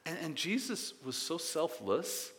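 A man preaching with a lively, swooping delivery. He jumps from loud emphatic bursts to soft confiding asides and often doubles up his words. The sound carries the long echo of a big church hall. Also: a little high, unhurried. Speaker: pastor. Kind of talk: sermon.

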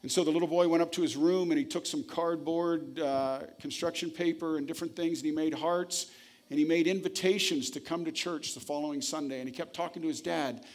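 Storytelling male preacher, slightly high voice. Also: fairly even intonation, fairly quick. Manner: storytelling, earnest, emphatic. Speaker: pastor. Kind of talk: sermon.

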